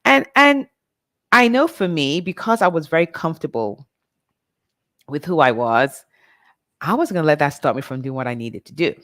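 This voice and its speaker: A woman's voice: low voice, animated, moderate pace, long pauses, a bit bright, no echo, clean studio sound. A middle-aged woman from Nigeria, talking candidly and directly to her listeners in a reflective personal monologue. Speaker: vlog host.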